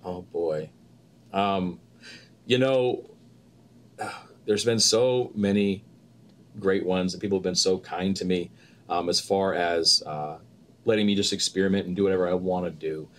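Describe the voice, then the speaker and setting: A man's voice: deep voice, unhurried, pauses often. A man, an actor and producer, chatting as a guest and acting out quotes as he tells stories. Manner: animated storyteller, acts out quotes with laughter. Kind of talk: casual interview chat.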